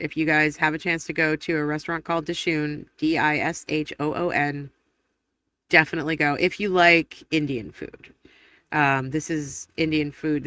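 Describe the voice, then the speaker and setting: A chatty woman hosts a live stream, reading viewer comments aloud in a rambling way. Her voice is bright and forceful. The sound is dry and close, with no room echo. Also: deep voice. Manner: chatty and rambling, quick laughs and self-corrections. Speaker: livestream host.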